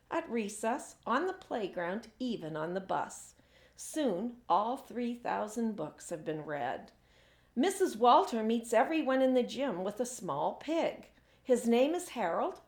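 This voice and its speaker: Woman reading a picture book, lively pitch. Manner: expressive, storytelling. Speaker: children's author. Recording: echoey room.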